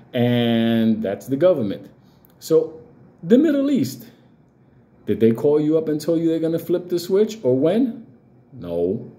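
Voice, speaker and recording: A man's voice: medium pitch, dark tone. A man giving blunt, profane crypto commentary, hammering his points with rhetorical questions.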